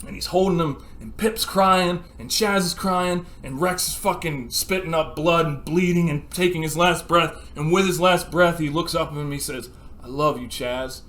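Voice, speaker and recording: A man co-hosting a casual podcast, telling stories with lots of swearing and acting out scenes with sudden shouts. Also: on the high side, normal speed, hardly any pauses. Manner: animated storyteller, acts out scenes with sudden shouts; swears freely. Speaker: podcast co-host. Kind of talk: casual chat.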